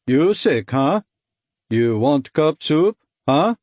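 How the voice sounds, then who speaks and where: A man's voice: a little high, big pitch swings, takes it slowly, a little mellow, no room sound, studio quality, pitched above the performer's own voice. A man voicing a hulking young sailor with a Baltic accent, grunting out short, broken English. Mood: gruff. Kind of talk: audiobook character voice.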